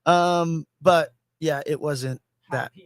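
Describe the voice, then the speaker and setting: High-voiced man chatting on a podcast. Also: slow, no echo, clean studio sound. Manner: rambling, laughs at own jokes. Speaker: podcast co-host. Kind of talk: casual chat.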